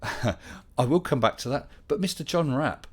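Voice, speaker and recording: A man's voice: mid-range voice, lively intonation, measured pace. A middle-aged man hosting a casual live Q&A stream, chatting and reading out viewer questions with dry humor.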